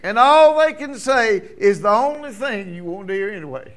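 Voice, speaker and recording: A middle-aged pastor preaching a sermon, swinging between ringing loud declarations and hushed, almost whispered lines. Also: male voice, high-pitched, animated, measured pace, gravelly.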